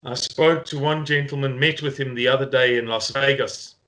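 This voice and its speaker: A man's voice: mid-range voice, fairly even intonation, normal speed, fairly bright tone. A man with a South African accent giving an earnest, rallying video update to his supporters as a movement spokesman.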